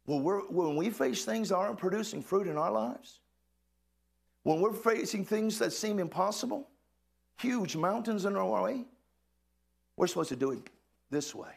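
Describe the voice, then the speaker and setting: High, lively gravelly preacher man. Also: normal speed, pauses often. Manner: preaching with rising exclamations and questions to the congregation. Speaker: pastor. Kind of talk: sermon. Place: church hall with a congregation.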